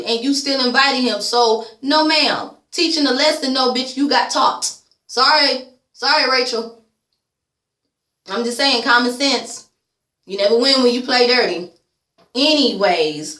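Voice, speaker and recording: Reviewing a reality show on YouTube, this woman gives a casual, blunt recap full of sass, swearing and calling people "girl." Her voice sits on the high side with a sharp tone at normal speed, in an echoey room.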